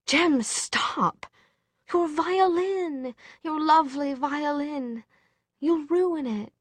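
Brief: anxious young woman, urgent pleading lines, slow and dry, from a woman narrator. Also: medium pitch, a little mellow, dry recording, lightly acted. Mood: alarmed.

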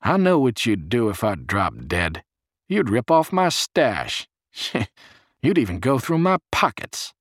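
A man reading a story, voicing a crude, sour young man who talks loud and coarse. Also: mid-range voice, wildly swooping pitch, takes it slowly, dry recording, clean studio sound, voice pushed up, full character voice.

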